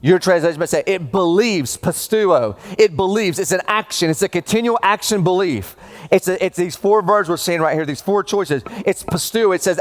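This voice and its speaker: A middle-aged male pastor preaching a sermon in a conversational, emphatic way, swinging between loud rising peaks and slow low stresses. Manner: emphatic and conversational, repeating "watch this" and addressing listeners as bro.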